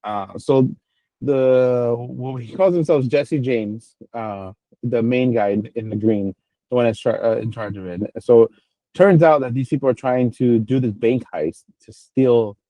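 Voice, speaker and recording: This co-host has a mid-range, dark-toned voice and speaks a little slowly; the audio is poor but echo-free. He rambles through a casual recap of a TV episode, heavy on fillers and restarts.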